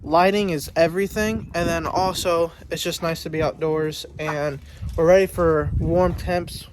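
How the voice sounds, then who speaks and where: A man's voice: a little high, fairly even intonation, a little slow, noisy background. A young man chatting to viewers in a casual vlog outdoors by a lake, a bit out of breath, recorded on a phone. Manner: chatty and upbeat, talks to viewers. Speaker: vlogger. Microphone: phone camera.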